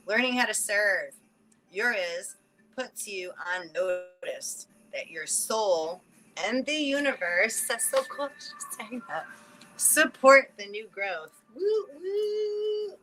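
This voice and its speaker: Bright-voiced rambling woman reader. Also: on the low side, slight background noise, poor audio. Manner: rambling, animated, full of "like" and laughs. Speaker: spiritual card reader. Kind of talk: casual livestream chat.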